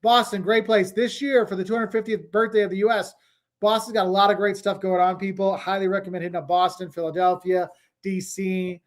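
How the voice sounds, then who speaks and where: A man's voice: high voice, level tone, fairly quick. A middle-aged man hosting a casual travel livestream, chatting and rambling as he answers viewer comments.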